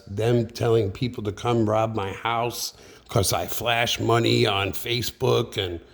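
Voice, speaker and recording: Recorded with a handheld radio close by, this gravelly, medium-pitched man rants heatedly about his radio problems. The radio hobbyist's vlog is an angry, profane, meandering monologue full of fillers.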